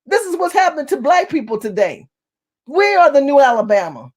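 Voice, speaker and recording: Fast-talking, high-voiced activist woman from California. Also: very animated. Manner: fast-talking, forceful, repeats phrases for emphasis. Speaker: community activist. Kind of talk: impassioned political monologue.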